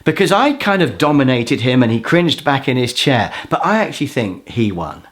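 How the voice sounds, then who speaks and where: A man teaching a course, telling a personal story in a self-mocking, animated way and acting out what people said. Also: medium pitch, normal speed. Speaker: course instructor. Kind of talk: storytelling lesson.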